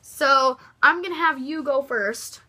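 A woman's voice: sits high, a little slow, bright, forceful tone. A young woman vlogging casually, playful and bossy, giggling between lines. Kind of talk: casual comedy vlog.

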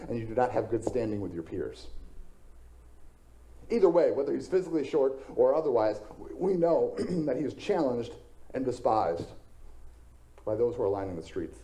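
Dark-voiced male pastor preaching conversationally. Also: mid-range voice. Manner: conversational storytelling with self-deprecating jokes. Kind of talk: sermon.

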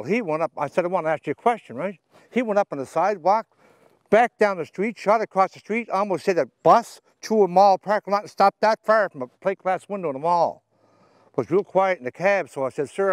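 A man with a Newfoundland accent, a comedian telling deadpan jokes and bantering while fishing from a boat outdoors. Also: high-pitched, no room sound. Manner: deadpan storytelling, playful banter. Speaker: comedian guest.

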